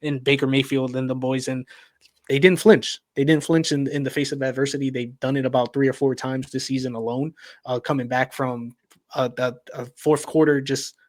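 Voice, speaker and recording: A man's voice: mid-range voice, little pitch movement, moderate pace, no echo. A man on a casual sports podcast, easygoing, asking questions and often restarting his sentences. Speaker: podcast co-host.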